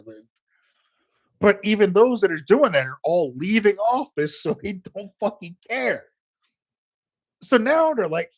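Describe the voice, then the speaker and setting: A man's voice: high-pitched, very animated, moderate pace. A man delivering a heated, profane political rant as a commentator, emphatic and angry throughout.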